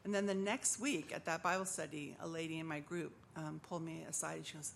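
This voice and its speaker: A woman's voice: deep voice, fairly even intonation, brisk, creaky, few pauses, a little hiss or hum. A middle-aged woman giving a personal testimony at church, telling her story earnestly and acting out the voices of the people in it.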